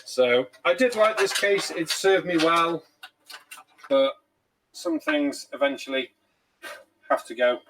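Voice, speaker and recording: A man's voice: on the high side, very animated, slow pace, long pauses, a bit bright, recorded from a distance. A man hosting a casual live stream, chatty and jokey, swearing freely, a few pints in. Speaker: streamer host.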